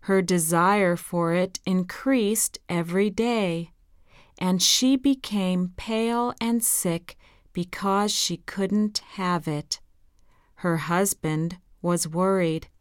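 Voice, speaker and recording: Slow, clear woman reading a fairy tale. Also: fairly low pitch, no room sound, studio quality. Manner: slow, careful, gentle reading. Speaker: storyteller. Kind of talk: children's story reading.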